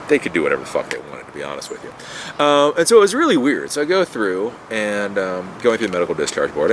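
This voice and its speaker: A man's voice: deep voice, fairly bright tone, a little hiss or hum. A man telling a personal story in a casual, rambling monologue, repeating words and swearing when annoyed. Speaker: vlogger telling his life story.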